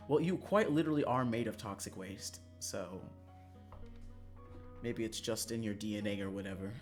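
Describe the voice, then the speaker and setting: A game streamer chatting while playing a visual novel, swinging between loud rants and quiet mumbles, swearing freely and laughing often. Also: medium pitch, normal speed, soft background music.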